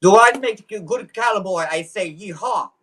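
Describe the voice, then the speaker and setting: A man's voice: sits high, normal speed, very noisy, voice pushed up, close to an everyday voice. A boastful, grumbling man with a thick Russian accent, as a man puts him on for a podcast parody. He speaks in broken English and complains dramatically about the people plotting against him. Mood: proud. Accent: put-on Russian.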